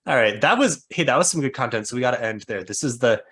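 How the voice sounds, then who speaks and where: A man in the middle of a relaxed book-chat podcast, talking loosely and laughing often. He pokes fun at his own ideas and speaks at an everyday pitch. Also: fast, husky. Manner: chatty, laughs often, self-mocking. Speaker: podcast co-host.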